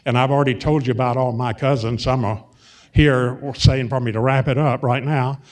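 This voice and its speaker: A man's voice: mid-range voice, steady tone, moderate pace. An older man from Arkansas with a Southern accent, telling meandering, folksy anecdotes on stage, stopping and restarting with many fillers. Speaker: guest, film and TV producer. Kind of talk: rambling storytelling before a live audience. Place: on stage at a public event.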